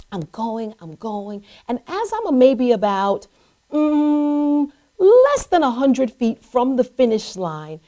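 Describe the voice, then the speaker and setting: A middle-aged woman hosting a show, telling an inspirational personal story and acting out the voices of the people in it. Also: on the high side. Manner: animated, acts out voices in her story. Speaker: host.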